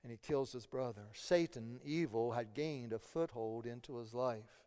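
A man's voice: mid-range voice, normal speed, warm tone, clear, resonant tone. Earnest man preaching in a reverberant hall. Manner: earnest, repeats words when stressing a point. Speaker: pastor. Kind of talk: sermon.

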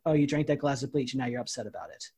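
A man co-hosting a casual sports podcast, opinionated and rambling, often trailing off quieter at the ends of his thoughts. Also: mid-range voice, fairly even intonation, racing, breathy edge. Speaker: podcast co-host.

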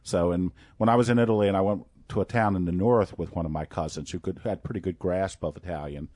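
A man with a low voice, chatting loosely and joking between rambling stories. The sound is dry and close, as on a podcast mic. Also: fast talker, warm tone, dry recording. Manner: rambling storyteller, jokey, laughs often. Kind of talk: casual chat.

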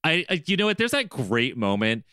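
A man co-hosting a podcast in casual chat, animated, laughing and swearing freely. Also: on the high side, brisk, clear, resonant tone, no room sound, studio quality. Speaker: podcast co-host.

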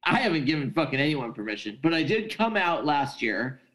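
A man's voice: fairly high pitch, very animated, fairly quick, fairly bright tone. A man in a casual chat, telling a story with a dry, swearing delivery.

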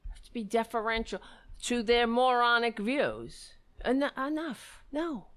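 A woman rants in fed-up, sarcastic commentary, her pitch sitting a bit high and swinging widely. She talks slowly and deliberately and swears freely. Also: expressive, a bit bright. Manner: sarcastic, exasperated, profane. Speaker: commentator reacting to clips. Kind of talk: ranting commentary.

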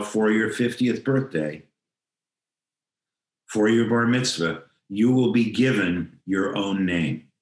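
Older male guest, lowish voice, reflective storyteller, roomy video-call sound. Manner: reflective, acts out quoted dialogue. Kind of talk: telling a personal story in an interview.

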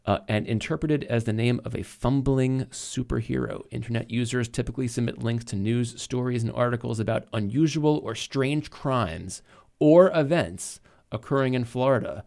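Chatty New England man with gravelly voice. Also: medium pitch, darkish tone. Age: 40s. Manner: chatty, joking, rambling. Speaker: podcast co-host. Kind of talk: casual chat.

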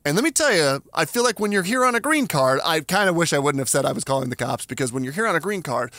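A man co-hosting a podcast, telling a story in an emphatic, animated way and acting out the voices of the people in it. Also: on the high side, fast talker, no echo. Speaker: podcast co-host. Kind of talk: casual chat, storytelling.

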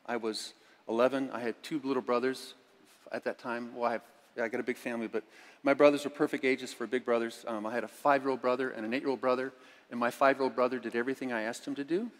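A middle-aged man preaching a sermon as a pastor, moving between hushed reading and loud, emphatic lines. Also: mid-range voice, fairly even intonation, fast talker. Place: church sanctuary. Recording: church sanctuary with long reverb.

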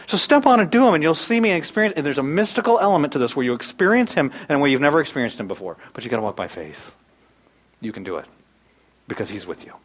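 A man in his thirties preaching a sermon, animated, swinging from loud bursts to hushed asides. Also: fairly high pitch, fast talker, rough recording. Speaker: pastor.

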